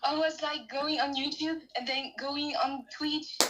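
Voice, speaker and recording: A woman's voice: sits high, steady tone, a little slow, a bit bright, poor audio. A young French woman, French her first language, chatting in English as a guest on a call and laughing at herself. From France. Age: young adult. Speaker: student guest. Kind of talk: casual chat over a video call.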